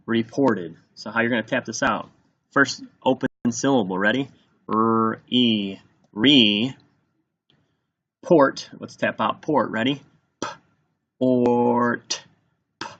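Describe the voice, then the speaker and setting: A male teacher gives a spelling test at a very slow, careful pace. He sounds out each word piece by piece and repeats it. The recording is dull and lo-fi. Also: medium pitch, fairly bright tone, slightly rough. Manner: sounds out words slowly and repeats them.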